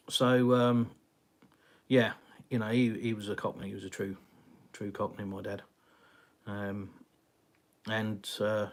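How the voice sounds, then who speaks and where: Rambling English man hosting a live chat. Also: fairly low pitch. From England. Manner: rambling, conversational, frequent fillers and sighs. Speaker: live stream host. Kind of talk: casual live chat reading viewer comments. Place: home, in Russia.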